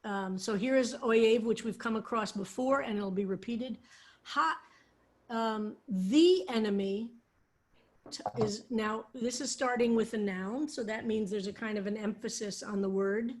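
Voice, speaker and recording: A woman's voice: a little high, unhurried. A woman rabbi teaching a psalm study over a video call, patiently explaining Hebrew words. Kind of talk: online Hebrew text lesson.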